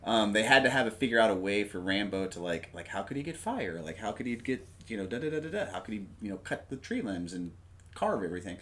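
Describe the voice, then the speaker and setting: A man chatting casually about a movie, rambling with lots of fillers and animated retelling of scenes. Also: on the low side, quick pace, a little hiss or hum.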